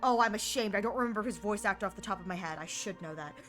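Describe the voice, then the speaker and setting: A woman streamer chatting casually on a game stream, animated and giggly, with playful mock voices. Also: mid-range voice, rapid-fire, faint music behind.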